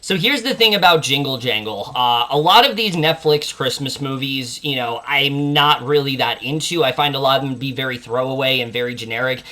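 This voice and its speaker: A young man hosts a casual movie preview with a bright, forward tone. He talks with steady enthusiasm, leaning on fillers as he goes. His pitch sits in a middling range for a man. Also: brisk, few pauses, a little hiss or hum. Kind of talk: casual film chat.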